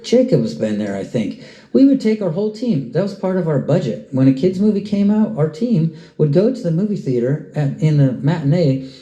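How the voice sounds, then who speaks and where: A man preaching a sermon, telling stories with lively swings up in pitch when he gets excited. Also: normal speed, dull audio. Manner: animated storyteller, pitch jumps up when excited. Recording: roomy echo.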